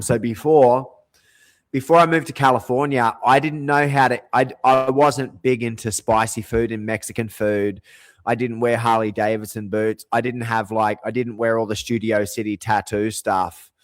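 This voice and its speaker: A man's voice: on the low side, no echo. A middle-aged man, talking to camera in a rambling, digressive monologue full of asides. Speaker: vlogger.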